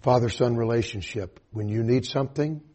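An older man with a Southern US accent preaches in a relaxed, folksy storytelling manner. His voice is mellow, dark and a little husky, and he keeps stopping to say amen. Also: mid-range voice, a little fast. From Atlanta area, US South. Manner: folksy storytelling, punctuated with amens. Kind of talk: sermon.

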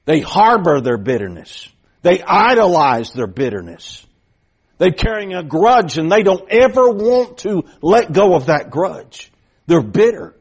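A man's voice: high voice, very animated, a little slow, husky. A middle-aged man preaching a sermon, telling a folksy story with repeated starts that builds to emphatic points.

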